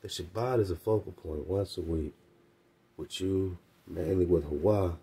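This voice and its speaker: A man hosts a radio show where he teaches about religion in casual slang. His voice is deep, dark and husky, and he speaks a little slowly. He's emphatic, repeating phrases and tossing in laughing asides.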